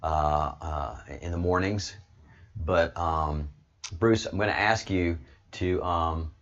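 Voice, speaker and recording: A man with a deep, low voice hosts his online show in heated commentary, hammering points and stumbling over repeated words. The sound is dull and lo-fi. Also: slow pace, fairly bright tone. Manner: emphatic, repeats words while pushing a point. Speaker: host of an online video show.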